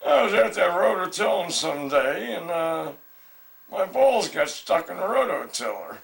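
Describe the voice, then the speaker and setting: Gravelly jersey guy cracking dirty jokes slow, kinda high and swingy, far from mic. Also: very animated. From New Jersey. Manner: crude, mocking interjections. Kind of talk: crude wisecracks from the side. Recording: distant camcorder audio.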